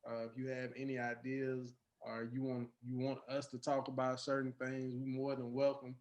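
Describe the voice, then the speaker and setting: A man's voice: mid-range voice, monotone, normal speed, a little mellow, dull audio. A man co-hosting a podcast in casual chat, upbeat and hyped. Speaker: podcast co-host.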